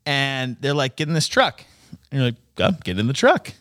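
A young man telling a story in casual chat, animated and profane, laughing a lot and acting out what people said. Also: medium pitch, moderate pace, no echo, clean studio sound. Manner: animated, swearing, laughing often, acting out quotes.

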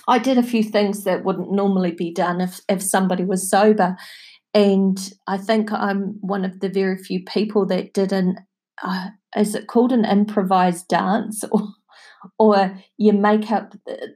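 Woman, middle-aged, unhurried delivery, reflective personal talk, warm chatty manner, soft laughs. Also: mid-range voice. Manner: chatty and heartfelt, often laughing softly. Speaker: podcast host.

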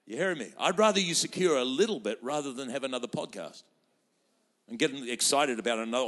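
A man's voice: medium pitch, expressive, quick pace, fairly bright tone. A man preaching a sermon as pastor, fervent and rousing, quoting scripture and acting out voices for the crowd. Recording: reverberant hall.

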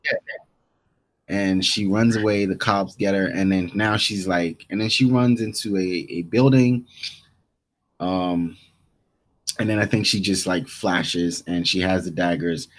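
Guy on a podcast, lowish voice, rambling through the episode, keeps restarting. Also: steady tone, measured pace. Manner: rambling recap with quoted lines and many restarts. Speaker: podcast co-host. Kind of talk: casual episode recap.

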